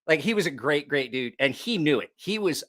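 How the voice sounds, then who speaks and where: A man hosting a casual livestream chat, telling a profane story with lots of laughter and animated asides. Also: a little high, fairly quick. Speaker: knife channel host.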